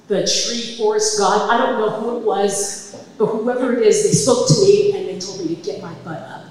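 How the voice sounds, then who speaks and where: Impassioned middle-aged woman telling her story in an echoey hall. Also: mid-range voice. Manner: emphatic and impassioned, building to loud peaks. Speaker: storyteller at a live event. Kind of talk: personal storytelling on stage. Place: comedy club stage. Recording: distant mic, echoey hall reverb, faint noise.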